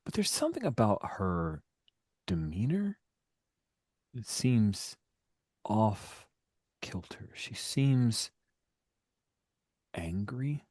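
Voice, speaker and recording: A man's voice: fairly low pitch, big pitch swings, drawn-out words, pauses often, a little mellow, slightly rough, dry recording. A man running a tabletop game as game master, narrating a scene loosely, with some whispered asides.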